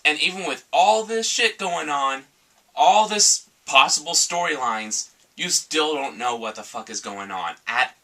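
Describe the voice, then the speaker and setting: Blunt, swearing man, bright and distant. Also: fairly high pitch, expressive, a little slow. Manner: blunt and profane, mock-quotes in a sarcastic voice. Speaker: game reviewer. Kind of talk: casual review chat. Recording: voice from far off the mic.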